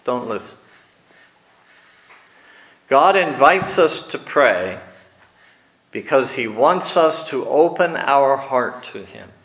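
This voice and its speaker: A man preaching a sermon, telling wry personal stories and slipping into quiet asides, recorded in a church hall. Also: mid-range voice, animated, takes it slowly, long pauses. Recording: echoey room.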